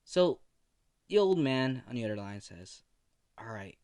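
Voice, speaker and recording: A man's voice: mid-range voice, sing-song, darkish tone, smooth. A young man casually telling a profane fan fiction story in a rambling way. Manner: slow, rambling, profane, laughs at his own story.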